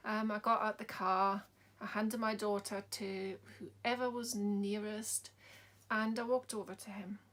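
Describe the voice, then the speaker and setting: A woman, a bereaved mother, tells a personal story in a soft-spoken way, sometimes dropping to a whisper. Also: mid-range voice, flat delivery, unhurried.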